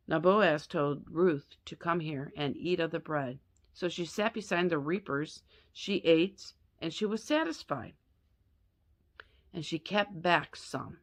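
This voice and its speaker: Slow, chatty woman retelling a Bible story. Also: low voice. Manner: chatty, self-correcting, adds asides to listeners.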